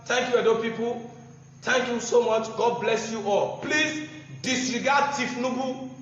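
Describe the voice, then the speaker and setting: A man with a Nigerian English accent and a very high voice delivers a fiery, mocking political speech, chuckling through his jabs. The sound rings with a heavy, long echo, as if from a large hall. The recording is dull and muffled. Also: flat delivery, moderate pace. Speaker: political campaigner.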